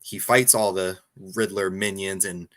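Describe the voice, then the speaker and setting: A man's voice: low voice, fairly even intonation, measured pace, fairly bright tone. A man co-hosting a casual podcast chat, talking hesitantly and acting out quotes. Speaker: podcast co-host.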